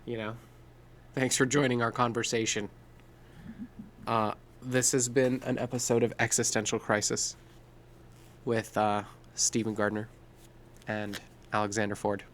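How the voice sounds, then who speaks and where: Another podcast co-host, his voice lowish and a little slow, chats casually with slight background noise behind him. He curses freely, laughing as he spins lively stories.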